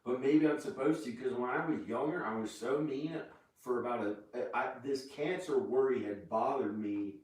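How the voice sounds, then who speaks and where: A man talking casually as host, halting and restarting his sentences often, recorded in a room of a house. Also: medium pitch, darkish tone. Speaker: channel host. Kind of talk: casual chat. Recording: echoey room, far from mic.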